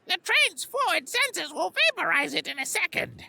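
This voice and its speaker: A squeaky, creaky little alien creature. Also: male voice, very animated, moderate pace, bright, forceful tone, full character voice. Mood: skeptical. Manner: fretful, protesting. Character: small skittish male alien creature, nervous tech slicer.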